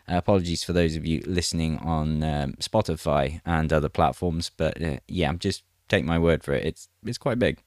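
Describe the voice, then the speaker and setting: Low-voiced man reading news casually. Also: lively intonation, fairly quick, hardly any pauses, dry recording, clean studio sound. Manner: chatty, wry asides. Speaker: news commentator.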